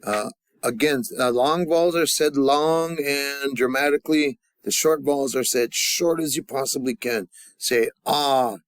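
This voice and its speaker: A man teaching a language class, leading the students through call-and-response drills and pausing often with fillers and restarts. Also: medium pitch, dry recording. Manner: halting, with many fillers and restarts. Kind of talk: classroom grammar lesson.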